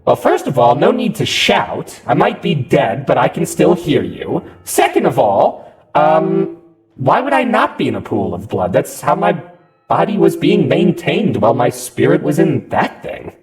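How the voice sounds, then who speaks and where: A man's voice: medium pitch, huge pitch swings, a little slow, a little mellow, soft background music, voice pushed up. A man doing a rambling undead wizard. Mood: awkward chatty. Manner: rambling, sheepish, nervous laughs.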